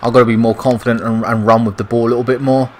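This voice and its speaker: A man's voice: medium pitch, flat delivery, racing, darkish tone, slight background noise, rough recording. A young British man giving frustrated, swear-heavy commentary over a football video game. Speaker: gaming YouTuber. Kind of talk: gameplay commentary.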